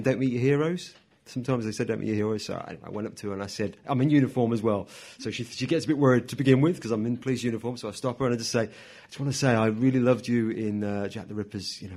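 A man speaking as guest at a society meeting in a hotel function room, relaxed and chatty. He tells stories in a self-deprecating way, with plenty of ums and quick asides, at a middling pitch. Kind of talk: talk to a live audience.

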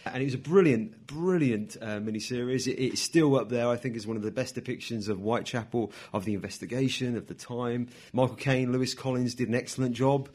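A man's voice: mid-range voice, fairly quick, few pauses, a little mellow. Chatty man giving a talk. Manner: chatty, self-deprecating, with frequent ums and asides. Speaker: guest speaker. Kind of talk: talk to a live audience. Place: hotel function room.

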